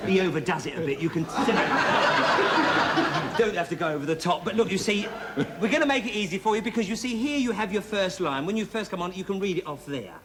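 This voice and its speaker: A man's voice: high voice, animated, brisk. A man hosting a game show in a jokey, chatty way, coaxing the contestants along. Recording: noisy TV studio recording.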